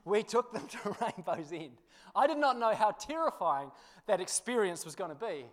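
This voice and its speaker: A man preaching, telling a funny personal story with laughter before turning to a quieter sermon. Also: high-pitched, moderate pace. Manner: animated storyteller, laughs through the tale, drops quiet for scripture. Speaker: pastor.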